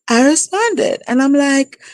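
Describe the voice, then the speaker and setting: A woman in her thirties telling a personal story casually on a live stream, laughing often and jumping high in pitch for emphasis. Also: lively intonation, slow pace, no echo. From outside the U.S. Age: 30s. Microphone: live stream setup.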